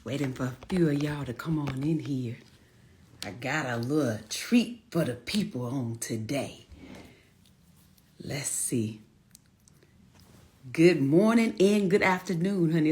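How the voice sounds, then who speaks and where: A woman's voice: very deep voice, normal speed. Chatty woman greeting her livestream viewers. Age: 40s. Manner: warm, chatty Southern-style greetings, calls viewers honey and y'all. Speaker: livestream host. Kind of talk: casual livestream chat.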